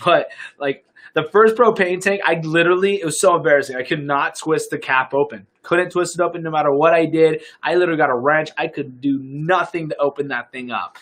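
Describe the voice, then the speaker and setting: Young man, fitness coach, upbeat livestream chatter, slightly higher voice. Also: a bit bright. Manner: upbeat, chatty, reads out viewer questions.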